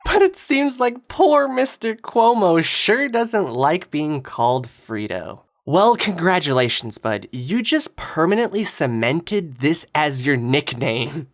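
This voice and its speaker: A low-pitched woman with a swooping, animated delivery, tossing out sarcastic jabs as she comments over clips. Her tone stays mocking and taunting throughout. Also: slow pace, few pauses. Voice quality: sarcastic, taunting, lively inflection. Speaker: political commentator.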